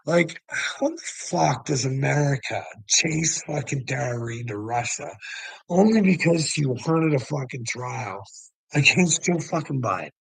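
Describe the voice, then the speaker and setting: A man's voice: medium pitch, expressive, measured pace, gravelly, husky, no echo, poor audio. A man hosting a casual livestream, ranting profanely and rambling, laughing often as he talks. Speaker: livestream host.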